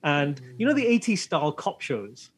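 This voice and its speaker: A man's voice: on the high side, moderate pace, husky. A man from England telling a casual story, acting out the other people's lines in short voices. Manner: animated anecdote with acted-out voices.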